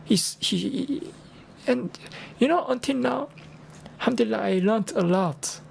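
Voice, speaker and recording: An older Korean man with a Korean accent and a hoarse, strained voice, chatting casually as a teacher in broken English with earnest encouragement. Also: very high-pitched, measured pace. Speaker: Arabic and Islam teacher. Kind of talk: casual livestream talk.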